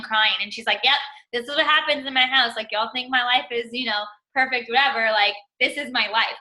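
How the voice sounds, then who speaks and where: A woman's voice: fairly high pitch, pushed and bright, low-quality recording. A woman hosting a casual team video call as a fitness coach, chatting and saying "y'all" a lot.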